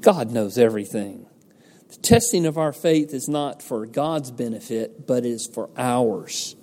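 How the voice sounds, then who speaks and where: A man delivers a sermon at an unhurried pace, his voice mellow and warm. He preaches earnestly, putting rhetorical questions to his listeners and answering them himself. His words ring with the long reverb of a large hall. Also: mid-range voice, expressive. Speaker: pastor.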